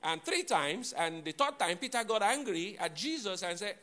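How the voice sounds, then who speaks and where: A man preaching a sermon to his congregation, teaching deliberately, repeating and spelling out key words, with playful asides to the listeners. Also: sits high, sing-song, pushed and bright. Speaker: pastor.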